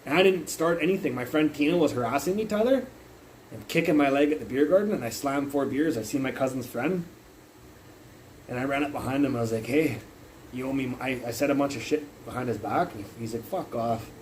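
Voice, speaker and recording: A man's voice: mid-range voice, a little fast, a little hiss or hum, rough recording. A young man livestreaming from his phone, telling a long rambling story full of curses, fillers and restarts. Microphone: phone mic.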